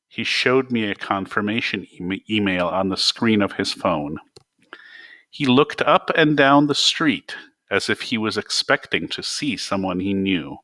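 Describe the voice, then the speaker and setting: A man reads his own novel aloud in a wry, deadpan first-person voice. His delivery is slow and lively in pitch, with a bright, crisp tone. The recording is close and dry. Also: dry recording.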